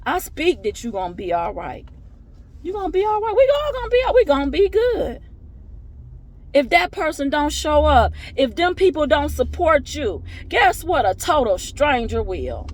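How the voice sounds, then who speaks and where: A woman's voice: high voice, big pitch swings, moderate pace. A woman giving casual, preacherly encouragement straight to her viewers. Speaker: faith vlogger. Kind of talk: casual inspirational talk to viewers.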